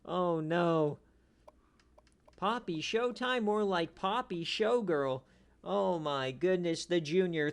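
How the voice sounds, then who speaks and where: A man hosting a league stream, giving casual, jokey play-by-play recaps that swing from low mutters to excited shouts. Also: slow, clear, resonant tone.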